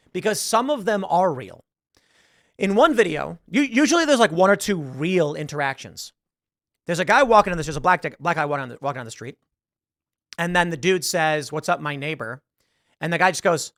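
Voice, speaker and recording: A man's voice: high voice, fairly bright tone, no echo, studio quality. A man hosting a show, giving rambling, conversational commentary and acting out quotes as he goes. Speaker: show host. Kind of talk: casual political commentary.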